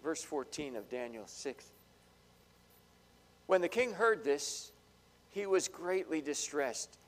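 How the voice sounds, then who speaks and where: A male pastor preaching with dramatic swings from loud bursts to hushed asides. His voice sits fairly high. The sound rings with the long reverb of a large hall. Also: animated, takes it slowly. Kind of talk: sermon.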